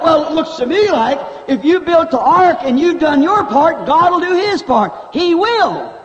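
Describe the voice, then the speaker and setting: A man's voice: very high voice, very animated, moderate pace, dull audio. A man preaching a revival sermon in a fervent, folksy style with country grammar, recorded in a church hall on old tape.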